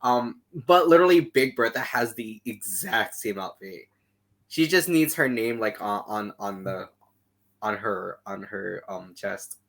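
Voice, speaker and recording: A man's voice: lowish voice, measured pace, gravelly, a bit bright. A man from Canada co-hosting a podcast, chatting casually, using lots of fillers and laughing often. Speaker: podcast co-host. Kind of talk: casual chat.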